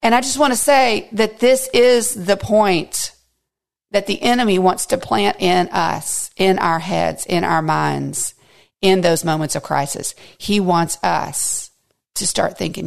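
A woman's voice: lowish voice, slow pace, creaky. A woman teaching a devotional Bible study, earnest and intimate, sometimes dropping to a near whisper for emphasis.

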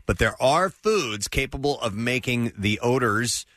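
Radio host, man, bright, dry studio sound, laid-back reading. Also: medium pitch, lively intonation, unhurried, dry recording. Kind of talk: radio talk, reading notes aloud.

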